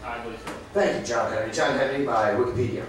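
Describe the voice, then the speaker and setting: A man doing a stand-up set in a small club, from Massachusetts, rambling with many fillers and bursts of shouting. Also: medium pitch, fast, crowd noise. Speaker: stand-up comedian. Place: small comedy club, live audience. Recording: very echoey room, distant mic, faint noise.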